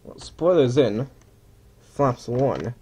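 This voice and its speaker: Male gamer, unhurried, self-mocking play-along commentary with a pitch that jumps around, mutters to himself and does the odd mock pilot announcement. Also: expressive, a little mellow, slightly rough. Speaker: gamer playing a flight simulator. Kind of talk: casual gameplay commentary.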